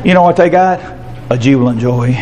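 An older man preaching a fervent sermon, dropping into low asides and then rising into high, shouted passages. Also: a little fast, slight background noise. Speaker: pastor.

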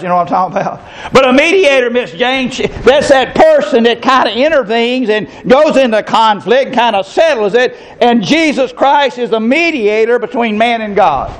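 A man preaches a sermon with a folksy, storytelling manner. His voice sits high for a man, and he slips into the voices of the people in his anecdotes. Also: low-quality recording. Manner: folksy, storytelling, acts out characters in stories.

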